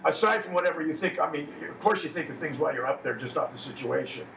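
A man's voice: a little high, quick pace, creaky, fairly bright tone, slight background noise. A man, a stand-up comedian, chatting casually with other comics, rambling and acting out lines he quotes. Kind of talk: casual chat among comedians. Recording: echoey room, mic at a distance.

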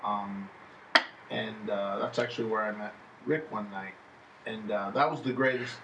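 Man, comedian, middle pitch, storytelling, echoey room, far from the mic. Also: a little slow, highs cut off, very noisy. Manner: storytelling, quotes others. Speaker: stand-up comedian. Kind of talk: casual chat among comedians.

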